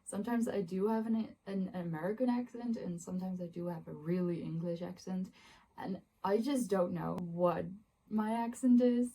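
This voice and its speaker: A woman's voice: on the low side, steady tone, normal speed, dark tone, slight background noise. A young woman vlogging about books, chatting casually to her phone camera in her bedroom with frequent giggles and fillers. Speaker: book vlogger. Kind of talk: casual vlog talk to camera.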